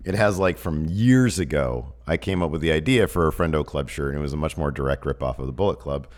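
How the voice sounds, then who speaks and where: A man's voice: rumbling low, fast talker. A man co-hosting a podcast in casual chat, sick with a cold, joking and rambling with lots of fillers into a studio mic. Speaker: podcast co-host.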